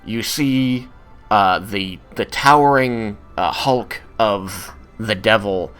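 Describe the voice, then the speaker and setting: A man's voice: fairly low pitch, slow, fairly bright tone, smooth, soft background music. A man narrating a tabletop game as game master, with many hesitant fillers.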